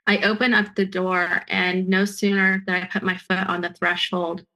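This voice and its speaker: A woman's voice: lowish voice, flat delivery, normal speed, pushed and bright, low-quality recording. A woman telling her own story as a guest, earnest and emphatic, often restarting her sentences. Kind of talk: personal storytelling.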